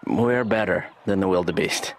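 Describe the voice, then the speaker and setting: A man's voice: low voice, moderate pace, natural voice. A man voicing a lazy, slacker son in a cartoon, mumbling and aimless. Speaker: therapist's son. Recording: loud background noise.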